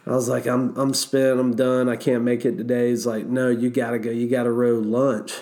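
A man's voice: mid-range voice, moderate pace. A man casually telling a story about his river guiding days, swearing freely and acting out the quotes. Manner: animated, swears, acts out quotes.

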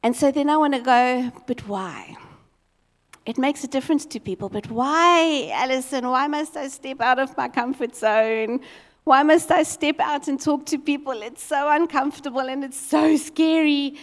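A woman preaching a sermon as a lively, expressive storyteller. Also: sits high, normal speed, long reverb tail.

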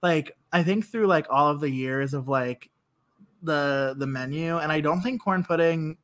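A woman from Northeast Ohio co-hosting a podcast from her home desk, chatting casually with lots of fillers and sudden jumps in pitch. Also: a little slow. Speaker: podcast co-host. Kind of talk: casual chat.

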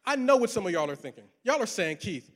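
A middle-aged man preaching a sermon, playful and animated as he tells personal stories and talks straight to the congregation. His voice sits high for a man. The sound rings with the long reverb of a large church hall. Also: quick pace. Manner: animated, playful, talks to the crowd, repeats words. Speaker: pastor.

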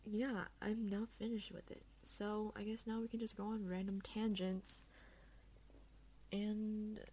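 A young woman hosting her own podcast alone, chatting casually in a bubbly, rambling, self-deprecating way, recorded on an earphone mic. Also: medium pitch. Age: young adult. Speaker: podcast host. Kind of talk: casual solo chat.

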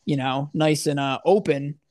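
A man's voice: fairly high pitch, steady tone, normal speed, darkish tone. A man co-hosting a podcast, rambling and joking in loose casual chat. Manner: rambling, joking, trails off and restarts. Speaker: podcast co-host.

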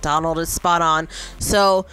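Chatty woman with a smooth low voice. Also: steady tone, a little slow, a bit bright, faint music behind. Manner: rambling, chatty, lots of fillers and restarts. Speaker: podcast host. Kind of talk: casual chat.

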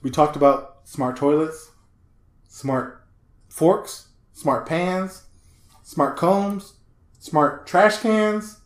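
A man's voice: fairly high pitch, drawn-out words, long pauses, reverberant. A man co-hosting a casual podcast chat, telling stories with lots of swearing and laughter. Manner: animated, profane, laughing storyteller. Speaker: podcast co-host.

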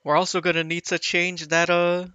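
A man hosts a relaxed podcast chat over a voice call, his voice bright and pitched a touch high. He swings up and down a lot as he jokes and laughs, and the sound is close and dry. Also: moderate pace, clear, resonant tone, no room sound, highs cut off. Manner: laughing, joking banter. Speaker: podcast host. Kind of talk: casual chat.

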